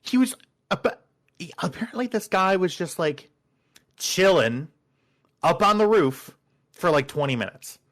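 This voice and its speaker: A man tells a story in a lively, animated way, his voice riding up and down as he acts out who said what. He sits a little above the usual male pitch and talks like an eager friend in casual banter. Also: measured pace, pauses often. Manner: animated storyteller acting out quoted dialogue. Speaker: podcast regular. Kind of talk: casual chat, retelling a work story.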